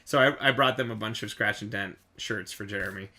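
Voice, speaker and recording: A man hosting a podcast, chatting casually and telling lively stories. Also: lowish voice, brisk. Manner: animated storyteller, shouts in re-enactments. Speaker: podcast host. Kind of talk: casual chat.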